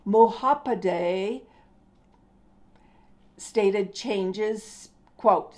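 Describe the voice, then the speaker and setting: Older female host, slow mellow delivery, casual explainer, trips over names now and then. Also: mid-range voice. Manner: unhurried, stumbles over names. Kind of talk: casual science talk.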